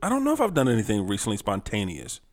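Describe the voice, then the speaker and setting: A man's voice: fairly low pitch, wildly swooping pitch, rapid-fire. A middle-aged man co-hosting a married couple's podcast, talking in a laid-back, earnest way. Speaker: podcast co-host. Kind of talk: casual chat.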